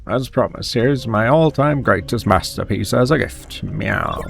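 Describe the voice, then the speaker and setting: A man's voice: mid-range voice, a little slow, creaky, soft background music. A man voicing a vain, dreamy male cat artist in a video game, in a sing-song voice that tacks meow onto his lines. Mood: pleased.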